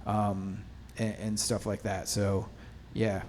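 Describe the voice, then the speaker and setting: A man from a film lighting crew speaking on a festival panel, relaxed and halting, with many fillers. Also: fairly low pitch, a little hiss or hum. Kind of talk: casual panel storytelling.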